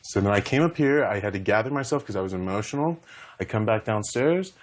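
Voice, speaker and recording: A young man with a somewhat low voice talks through a heated confrontation. He rambles and gets emotional, often acting out what others said to him. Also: expressive, quick pace. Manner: rambling, emotional, retells dialogue. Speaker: reality show contestant. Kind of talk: heated conversation.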